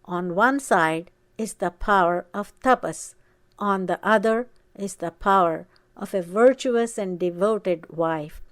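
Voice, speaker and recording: A woman reading aloud voices the devoted, saintly wife of an ancient sage, speaking slowly and emphatically. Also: mid-range voice, no room sound, close to an everyday voice. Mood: reassuring. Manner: solemn, slow and emphatic.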